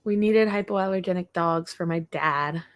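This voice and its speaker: A young woman with a fairly low voice hosts a casual livestream from home at a normal speed. She chats with viewers in a rambling way, pausing now and then to talk to her dog.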